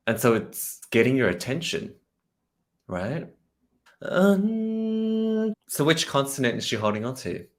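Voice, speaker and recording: A man with a lowish voice works as a vocal coach, giving reaction commentary on a singer's technique. He gets excited as he demonstrates phrases himself.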